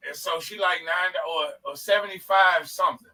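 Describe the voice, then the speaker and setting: A man co-hosting a podcast, telling a profane, animated story in casual chat and acting out the people in it. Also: sits high, moderate pace, distant mic, low-quality recording. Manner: animated, profane, acts out quoted voices. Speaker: podcast co-host.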